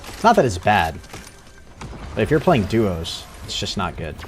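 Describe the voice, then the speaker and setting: A man's voice: lowish voice, big pitch swings, unhurried, faint music behind. A man streaming a game live, cracking crude jokes, laughing often and teasing his chat. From United States. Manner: joking, crude, laughs a lot, teases chat. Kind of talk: live gameplay commentary.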